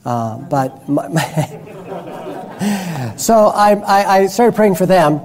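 Mellow-voiced male preacher telling a story. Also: high voice, animated, takes it slowly. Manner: storytelling with frequent restarts. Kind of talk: sermon.

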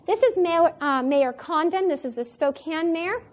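Woman presenter, very high pitch, emphatic church-seminar delivery. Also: lively intonation, moderate pace. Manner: emphatic, repeats key phrases. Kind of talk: church training talk.

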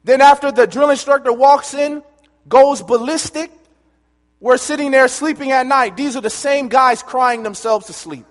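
A man preaching a sermon, telling lively stories and calling for answers from the listeners, heard with long hall reverb. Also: very high voice, moderate pace. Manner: lively storytelling, calls for audience answers.

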